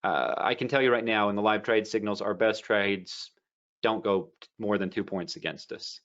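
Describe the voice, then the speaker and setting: A man's voice: fairly low pitch, fairly even intonation, normal speed, a bit bright, highs cut off. A man giving a casual trading lesson, rambling through stories with many fillers and restarts. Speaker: trading educator. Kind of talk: casual teaching talk.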